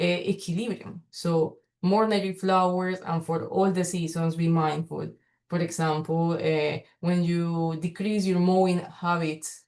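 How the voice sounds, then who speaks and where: A woman presents her research in a virtual workshop. She speaks haltingly, full of fillers and restarts, over a video call microphone. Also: fairly low pitch, a little mellow. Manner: hesitant, many fillers and restarts. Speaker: guest speaker, pollinator researcher.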